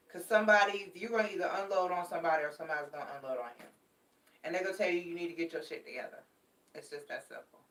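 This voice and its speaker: A deep yet fairly bright voice belongs to a tarot reader giving a casual, affectionate reading in which she repeats her warnings and calls listeners babies. The mic sits far back in an echoey room.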